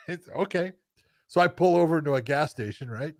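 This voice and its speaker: Podcast co-host, male, lively pitch, dry close sound; animated storyteller who laughs through his lines. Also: normal speed, no room sound. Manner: animated storyteller, laughs mid-sentence, acts out quotes. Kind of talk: casual chat.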